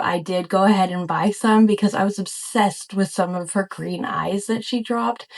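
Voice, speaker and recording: A young woman chatting casually in a crochet unboxing vlog, gushing and excitable as she opens a package. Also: medium pitch. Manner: gushing, excitable, lots of "oh my gosh". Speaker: crochet vlogger and small business owner.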